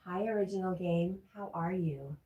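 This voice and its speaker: Low-voiced woman chatting on a livestream. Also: normal speed, roomy sound, phone-quality sound. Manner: reads chat messages aloud and chats back, laughing often. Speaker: livestream host reading chat. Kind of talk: casual livestream chat.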